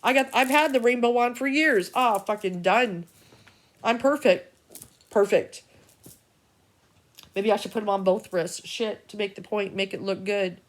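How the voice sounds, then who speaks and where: A woman's voice: mid-range voice, unhurried, pauses often. A middle-aged woman, an intuitive reader, rambling through an agitated, profane, stream-of-consciousness vlog rant.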